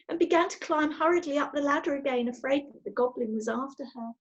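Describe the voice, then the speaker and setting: A woman reading a children's storybook aloud in an expressive storytelling manner. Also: high voice, quick pace, few pauses, highs cut off. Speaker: storybook reader.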